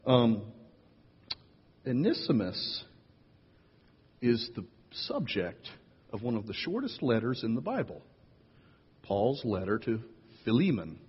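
A man preaching a sermon as pastor, playful and animated, jumping up in pitch to tease and draw in his listeners. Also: slow pace, long pauses, husky. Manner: playful, animated storyteller with big jumps in pitch. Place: church sanctuary. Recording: lo-fi echoey hall recording.

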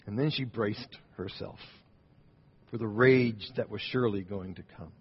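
A man's voice: lowish voice, unhurried, husky. Male preacher, sermon, storytelling delivery, long hall reverb, muffled sound. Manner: storytelling, rising and falling in volume.

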